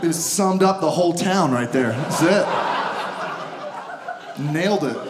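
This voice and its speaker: Young guy doing stand-up, pretty high voice, sarcastic and animated, roomy club sound with the crowd audible. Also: measured pace. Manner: sarcastic, animated, acts out bits in exaggerated voices. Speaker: stand-up comedian. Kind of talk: stand-up comedy set. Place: comedy club stage before a laughing audience. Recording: roomy stage sound with audience noise.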